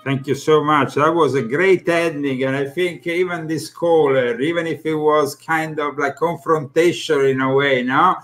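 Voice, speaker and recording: A man with an Italian accent hosting a talk show, speaking haltingly with frequent pauses mid-sentence. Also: on the high side, fairly even intonation, fairly bright tone. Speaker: host. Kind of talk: casual talk-show chat.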